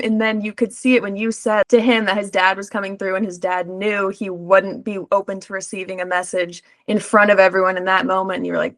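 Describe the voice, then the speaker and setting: A woman's voice: medium pitch, little pitch movement, quick pace, hardly any pauses. Chatty woman host, many "like"s. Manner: chatty, peppered with "like". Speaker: podcast host. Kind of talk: casual interview chat.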